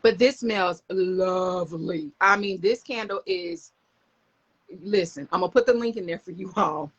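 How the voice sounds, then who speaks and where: A woman's voice: lowish voice, measured pace, lo-fi sound. A middle-aged woman, chatting enthusiastically to viewers in a casual live stream, recorded on a phone camera.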